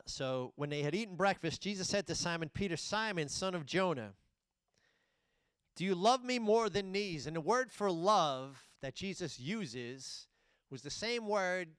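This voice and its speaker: A man preaching a sermon, retelling scripture dramatically, swinging between loud declarations and hushed asides. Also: fairly high pitch, smooth, no room sound. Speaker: pastor.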